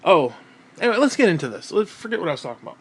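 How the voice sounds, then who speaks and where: A man ranting casually at home, profane and rambling, often clearing his throat and short of breath. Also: high-pitched, very animated, rapid-fire. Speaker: vlogger.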